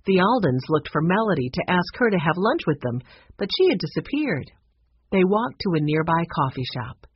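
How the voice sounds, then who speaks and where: A woman narrating a children's chapter book with expressive, clear storytelling. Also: fairly low pitch, normal speed, no room sound. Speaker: audiobook narrator. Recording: dull lo-fi recording.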